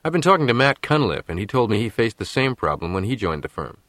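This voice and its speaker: A man's voice: medium pitch, very animated, fast talker, a bit bright, no echo, voice pushed up. A man voicing an earnest young male law graduate with a light wry edge.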